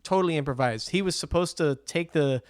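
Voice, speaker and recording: Animated man retelling movie scenes. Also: on the high side, brisk, no room sound, clean studio sound. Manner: animated storyteller, acts out scenes, laughs often. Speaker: podcast co-host. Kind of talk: casual chat about movies.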